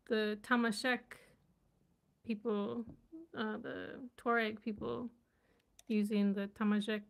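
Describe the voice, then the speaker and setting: A woman language vlogger with a somewhat high voice and some vocal fry chats casually during a live reading. She sounds out unfamiliar words, curious and laughing at herself.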